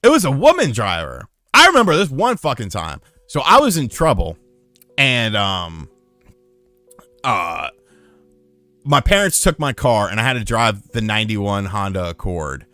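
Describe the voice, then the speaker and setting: A man's voice: fairly low pitch, unhurried, dry recording, faint music behind. Guy rambling thru a sweary story on his stream, voice all over the place, dry mic. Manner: profane, rambling, animated storyteller. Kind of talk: casual storytelling on a livestream.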